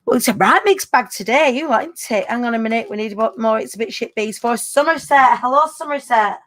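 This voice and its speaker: A woman's voice: fairly high pitch, expressive, fast. A woman, hosting a casual live-stream chat in a bubbly way, full of British slang. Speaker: host.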